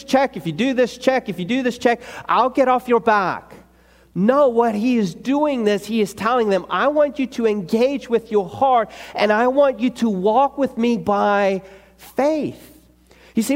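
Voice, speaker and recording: A man with a high voice preaches a sermon in a hall with a long, ringing reverb. He talks animatedly and drops his pitch low to act out the people's replies. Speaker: pastor.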